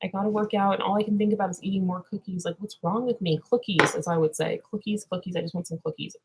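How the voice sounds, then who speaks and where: A woman's voice: mid-range voice, fairly even intonation, fast talker, very noisy. A woman vlogging in a clown persona, drifting earnestly from topic to topic and then turning silly. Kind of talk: rambling casual vlog.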